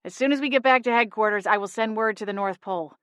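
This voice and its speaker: A woman voicing a calm, authoritative female agent who talks in a level, businesslike way. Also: mid-range voice, fast talker, clear, resonant tone, dry recording, studio quality, close to an everyday voice.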